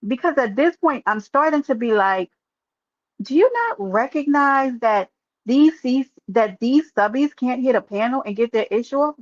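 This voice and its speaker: A woman live streamer, sharing her opinion in casual, animated talk and calling out viewers in chat by name. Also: on the high side, moderate pace, no room sound, highs cut off.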